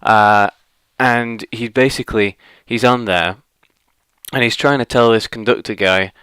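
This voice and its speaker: A man's voice: medium pitch, a little slow, a bit bright, clear, resonant tone, dry recording, studio quality. A man from northwest England, ranting casually as a vlogger, rambling and exasperated with many fillers.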